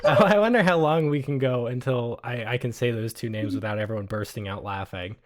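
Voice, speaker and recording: A young man running a tabletop game, loose and profane, slipping into in-character asides and laughing at his own names. Relaxed, conversational narration at a middling pitch. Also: fairly quick. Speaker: game master.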